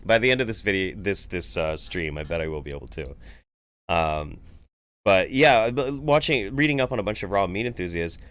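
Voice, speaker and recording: A man's voice: low-pitched, lively intonation, moderate pace, fairly bright tone, smooth, no room sound. A man hosting a casual livestream, reacting to a video with sarcastic, rambling, profane commentary. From United States. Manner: sarcastic, swears, rambling with restarts. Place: home, Eugene area.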